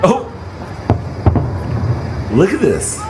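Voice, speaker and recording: A man's voice: high voice, extremely slow, noisy background. A man hosting a reaction video, chatting casually and laughing, often restarting his sentences. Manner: animated, laughing, stammering restarts.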